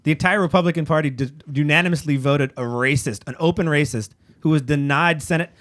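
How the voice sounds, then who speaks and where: Male podcast host, slightly high voice, angry profane ranting over news reads. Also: fast talker, fairly bright tone. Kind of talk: casual chat, reading news aloud.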